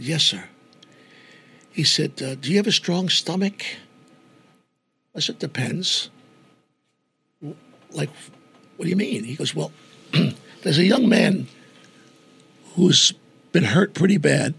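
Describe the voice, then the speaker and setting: A gravelly older man tells a story in an animated way, taking on the voices of the people in it. His voice is strongly raspy and pitched a little high for a man. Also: slow pace, long pauses. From New York. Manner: animated storyteller who acts out quoted voices. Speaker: guest entertainer. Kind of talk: storytelling in conversation.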